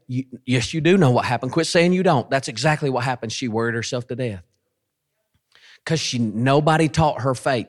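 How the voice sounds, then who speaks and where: A man preaching a sermon, with animated delivery and drawn-out, emphatic repetitions. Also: medium pitch. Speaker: pastor and station head.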